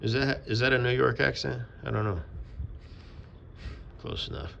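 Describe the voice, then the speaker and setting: A man's voice: medium pitch, normal speed, gravelly, bright, forceful tone, dull audio, a little hiss or hum. A man rambling through a casual, offhand monologue and swearing now and then. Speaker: vlogger.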